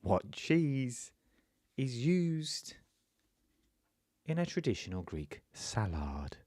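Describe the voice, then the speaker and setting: A man putting on the voice of a dramatic male TV cooking-show presenter, reading a question slowly and breathily. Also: sing-song, a little mellow, no echo. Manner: slow, low, breathy whispered delivery.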